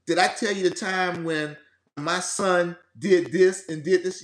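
A man's voice: high voice, unhurried, echoey room. A man telling stories in casual conversation, acting out the people he quotes. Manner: animated storyteller who acts out quoted people. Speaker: guest on grief.

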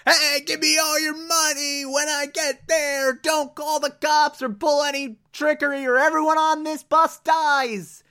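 A man plays a jittery male bus hijacker whose voice shoots high and strained. He yells in a sharp, tense tone. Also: flat delivery, unhurried, few pauses, heavily acted. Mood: threatening. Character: menacing male bus hijacker, easily panicked.

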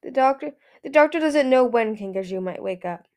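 A woman's voice: high voice, expressive, fairly quick, darkish tone, pitched above the performer's own voice. Woman voicing an earnest young dragon girl. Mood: tearful. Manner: earnest, firm.

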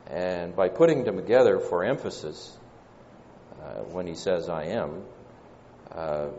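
Southern male preacher, deep-voiced, halting and thoughtful, heard on a lo-fi recording from a big echoing hall. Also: warm tone, a little hiss or hum. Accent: Southern American. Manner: measured, pausing delivery with frequent "uh" fillers. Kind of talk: sermon. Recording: dull lo-fi church recording with long reverb.

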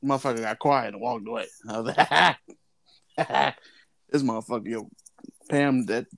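A young man co-hosting a podcast, excitable and interjecting with slang and swearing in casual chat. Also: mid-range voice, normal speed, creaky, no room sound. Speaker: podcast co-host.

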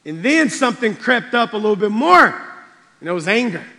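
A male pastor preaching a sermon with passion, swinging between loud outbursts and quiet, subdued stretches. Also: high-pitched, big pitch swings, moderate pace. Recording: long reverb of a large hall.

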